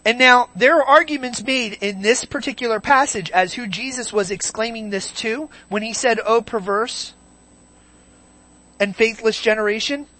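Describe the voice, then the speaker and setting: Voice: medium pitch, moderate pace, few pauses, pushed and bright. Give me an emphatic preacher in a sermon who stretches out key words and asks rhetorical questions. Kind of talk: sermon, verse-by-verse Bible teaching.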